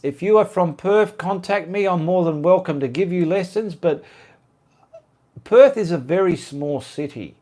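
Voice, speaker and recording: A man's voice: high-pitched, unhurried, dark tone. An Australian man hosting a casual live-stream Q&A, chatting and reading viewer comments aloud in a rambling way.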